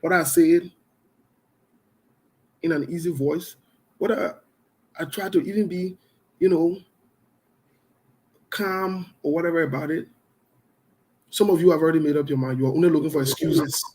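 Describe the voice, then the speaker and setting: Defiant high-voiced radio host. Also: male voice, fairly even intonation, moderate pace, long pauses, darkish tone, poor audio. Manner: defiant and passionate, repeats points for emphasis. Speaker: radio talk show host. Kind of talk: opinionated radio commentary.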